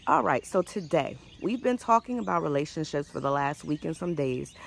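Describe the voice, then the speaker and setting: A woman life coach giving a faith-based motivational talk in a warm, conversational way, often restarting her sentences. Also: deep voice, gravelly, a little hiss or hum.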